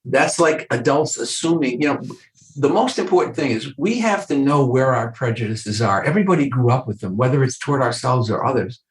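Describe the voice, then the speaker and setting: A man's voice: mid-range voice, animated, brisk, reverberant, rough recording. An older man, a clinical psychologist, talking earnestly in a podcast interview and acting out short exchanges with patients. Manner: earnest, acts out dialogue from patients.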